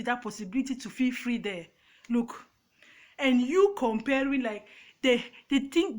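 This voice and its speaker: A woman with a Cameroonian accent, a YouTuber speaking emphatically and emotionally to her phone's front camera, with frequent restarts. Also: high-pitched. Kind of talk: casual to-camera rant.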